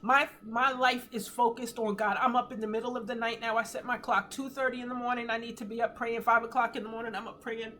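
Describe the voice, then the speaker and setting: A woman in her fifties giving an earnest, emotional testimony on a live stream from home, teary at times, with animated swings in pitch. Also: fast, hardly any pauses. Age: 50s. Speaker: host of a faith livestream. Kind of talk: casual live talk, testimony.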